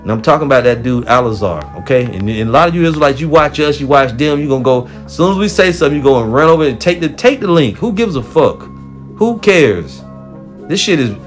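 Angry male religious teacher, mid-pitched, rebuking with constant swearing, soft music under him. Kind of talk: heated profane sermon.

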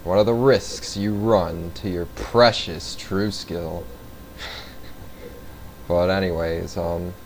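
A man's voice: sits low, fairly even intonation, takes it slowly, long pauses, a little hiss or hum, low-quality recording. A man hosting a gaming video, rambling offhand through casual commentary and swearing now and then.

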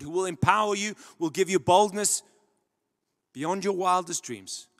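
High-voiced male preacher, echoing hall. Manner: earnest storytelling, swings from loud emphasis to hushed. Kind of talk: sermon. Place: large church hall. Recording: long church-hall reverb.

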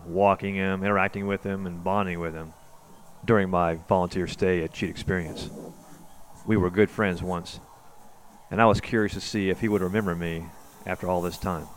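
Deep-voiced man narrating a documentary. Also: clear, resonant tone. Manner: calm, measured storytelling. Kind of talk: scripted voice-over narration. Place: voice-over, recorded apart from the outdoor footage.

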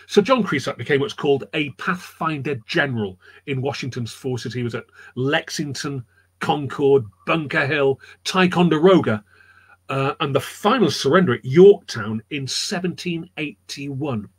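As a storyteller guest on a live chat show, a man rambles chattily through history anecdotes, repeating his words as he goes. His voice is medium-pitched and slightly rough.

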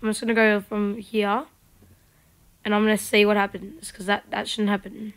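A woman giving casual gameplay commentary, chatting to herself and mocking herself in quiet whispered asides. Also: mid-range voice, level tone, normal speed, smooth. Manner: chatty, talks to herself while playing. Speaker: gaming video creator.

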